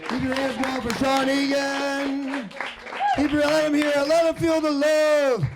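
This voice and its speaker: A man's voice: very high voice, little pitch movement, unhurried, heavy background noise. A man hosting a comedy show, hyping up the crowd and introducing the next act. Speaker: host.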